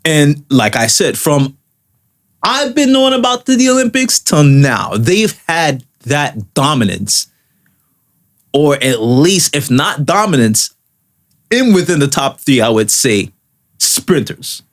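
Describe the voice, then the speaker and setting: A man's voice: fairly high pitch, big pitch swings, takes it slowly. A man co-hosting a casual podcast chat, talking in a rambling way with many restarts. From Toronto, Canada. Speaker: podcast co-host.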